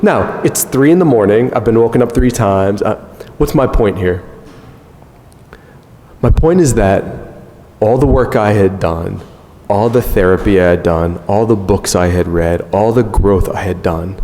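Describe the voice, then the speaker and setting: A man in his thirties giving a conference talk, telling a self-mocking family story in an animated way. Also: lowish voice, measured pace, slight background noise. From United States. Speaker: conference speaker. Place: large conference hall. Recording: long hall reverb.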